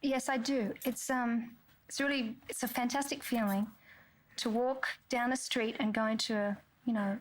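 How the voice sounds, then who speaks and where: An Australian woman in her thirties answers an interviewer's questions. Her voice sits fairly high. She talks chattily and laughs easily. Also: fairly even intonation, moderate pace, slight background noise, poor audio. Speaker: interviewee, singer and actress.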